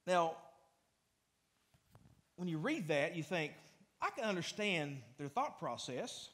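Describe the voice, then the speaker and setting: High-voiced man preaching a sermon. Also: very animated, slow, fairly bright tone. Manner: conversational preaching with frequent restarts and fillers. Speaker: pastor. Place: church sanctuary.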